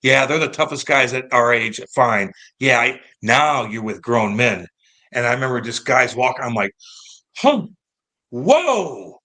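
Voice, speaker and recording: A man in his thirties from St. Louis, a former pro hockey player telling stories in a casual, animated and profane interview. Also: mid-range voice, normal speed. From St. Louis, United States. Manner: animated, profane, acts out quoted voices.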